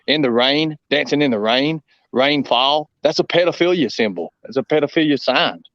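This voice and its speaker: A man's voice: medium pitch, normal speed, dry recording, lo-fi sound. A man with a Southern US accent, chatting as a guest on a live stream, rambling and emphatic with lots of fillers. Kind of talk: casual live-stream chat.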